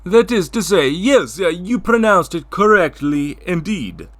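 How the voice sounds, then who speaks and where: A man voicing a proud Italian businessman in a comedic talk show sketch, with a put-on Italian accent and slow, sing-song speech. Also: high-pitched, very animated, fairly bright tone, pitched above the performer's own voice, heavily acted. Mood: cheerful, proud. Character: boastful Italian businessman with very long name, adult man.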